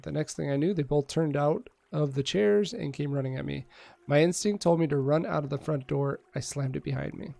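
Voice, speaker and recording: A man's voice: on the high side, vocal fry, a little mellow, no room sound. A man streaming a game, casually reading its dialogue aloud and joking with viewers between lines, on a close desk mic at home. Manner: casual, joking, reads text aloud with asides.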